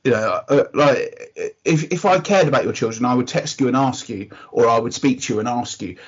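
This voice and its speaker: A man's voice: medium pitch, a little fast, slightly rough. An Englishman co-hosting a podcast in casual chat, talkative and opinionated, given to ranting. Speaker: podcast co-host. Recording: dull lo-fi podcast audio.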